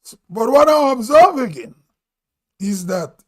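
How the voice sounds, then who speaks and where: Grenadian man, high-pitched, slow and musing, casual live-stream host. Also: animated. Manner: slow, musing, thinking aloud. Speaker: vlog host.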